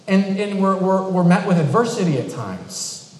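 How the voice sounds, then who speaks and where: A man's voice: high-pitched, lively intonation, unhurried. A man preaching a sermon in a conversational, storytelling way, slipping into quoted voices to tell a family story. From New England. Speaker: pastor. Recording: echoey hall with long reverb.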